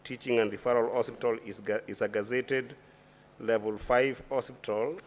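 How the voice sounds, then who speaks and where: A man, a senator questioning a witness at a formal impeachment hearing. He speaks deliberately and legalistically, often restarting his sentences. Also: mid-range voice, steady tone, slight background noise.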